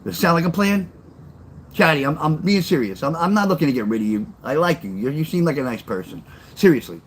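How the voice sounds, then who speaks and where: A man's voice: fairly high pitch, expressive, fast, slight background noise. An older man, chatting loosely with his livestream viewers and telling stories in a blunt, rambling way that repeats itself. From New York. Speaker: livestream host and storyteller. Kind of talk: casual livestream chat with chat readers.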